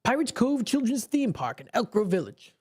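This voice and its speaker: A man's voice: very high-pitched, very animated, moderate pace, a little mellow, husky. Easygoing man chatting on radio. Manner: easygoing, short agreeable replies. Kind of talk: casual radio chat. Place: radio studio. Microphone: studio microphone.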